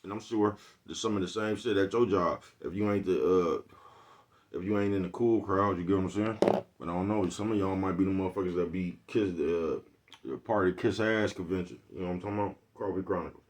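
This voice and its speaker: A man's voice: deep voice, steady tone, fairly quick. A man ranting casually on a livestream in streetwise slang, who keeps asking his viewers if they follow him. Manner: streetwise slang, keeps asking "you know what I'm talking about". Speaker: livestream vlogger.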